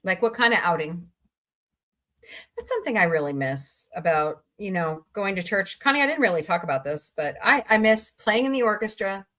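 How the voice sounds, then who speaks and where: A woman's voice: medium pitch, lively intonation, normal speed, a bit bright. A woman hosting a casual live stream, chatting and joking with viewers about movies and reading their comments. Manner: chatty, jokey, reads and answers viewer comments. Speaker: livestream host.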